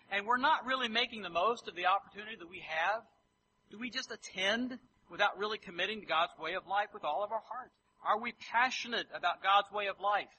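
A man preaching a sermon, animated and acting out scripture quotes in different voices. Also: sits high, a little hiss or hum, rough recording.

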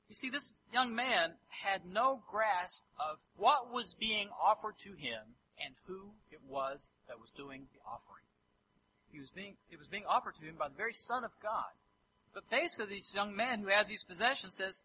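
A man preaching a sermon, animated and acting out scripture quotes in different voices. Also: sits high, normal speed, a little hiss or hum, poor audio.

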